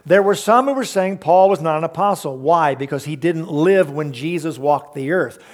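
A man's voice: on the high side, normal speed. A man preaching a sermon, emphatic, asking the congregation rhetorical questions and explaining verses. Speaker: pastor.

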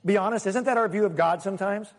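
A man preaching a sermon as a pastor, animated, sometimes acting out the voices he quotes. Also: sits high, fast talker. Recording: long hall reverb.

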